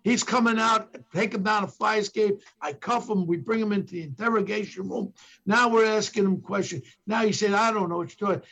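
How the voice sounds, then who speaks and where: Gravelly older New York storyteller. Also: male voice, sits high, brisk, fairly bright tone. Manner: acts out quotes from others with emphatic bursts. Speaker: former police detective telling stories as a podcast guest. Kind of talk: animated storytelling.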